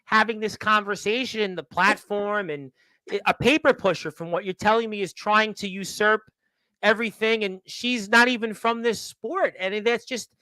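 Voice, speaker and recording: High-voiced, needling wrestling show host. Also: male voice, steady tone, moderate pace, sharp tone, no room sound, poor audio. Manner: teasing, playfully needling the guest. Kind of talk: online wrestling talk show.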